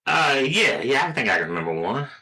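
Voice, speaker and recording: A man co-hosting a casual talk show and telling a joke, doing squeaky voices for the characters. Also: very animated, normal speed, pushed and bright, low-quality recording. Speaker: co-host.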